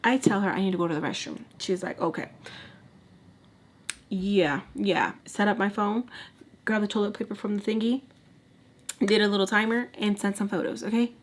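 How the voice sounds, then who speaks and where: A woman's voice: medium pitch, fairly even intonation, moderate pace, pauses often. A young woman in her twenties telling a candid story in casual storytime style, mixing in Spanish words and acting out quoted lines. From Texas. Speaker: storytime vlogger. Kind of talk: casual storytime while doing makeup.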